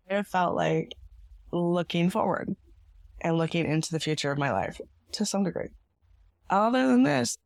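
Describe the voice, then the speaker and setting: A woman hosting her own podcast, talking in a reflective, earnest way with a hoarse, gravelly voice from being sick. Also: on the low side, no echo. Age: adult parent. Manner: reflective and earnest, with small laughs. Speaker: podcast host. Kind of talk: solo podcast monologue.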